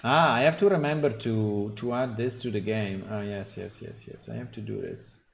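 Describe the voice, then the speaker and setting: A man's voice: lowish voice, moderate pace, gravelly. A man developing a game, talking casually while he works, thinking aloud with many fillers. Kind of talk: casual dev stream commentary.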